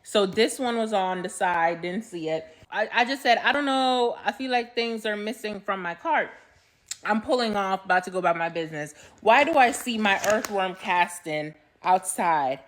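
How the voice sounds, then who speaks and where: Animated woman retelling a story at home. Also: mid-range voice, normal speed. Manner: animated, comic retelling, swears. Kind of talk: casual vlog storytelling.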